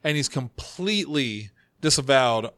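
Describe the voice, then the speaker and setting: A man of middling pitch hosting a casual podcast, telling stories from his notes in a chatty way. His voice is dry and close, with no room sound around it. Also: animated, a bit bright, no room sound. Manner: chatty storyteller, reads notes, quick asides. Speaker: podcast host.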